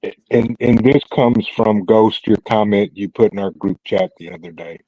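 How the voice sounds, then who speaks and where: A man's voice: on the low side, expressive, normal speed, gravelly, dry recording. A man hosting a casual group chat over an online call, laid-back and putting questions to the group. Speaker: host. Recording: dull lo-fi call audio.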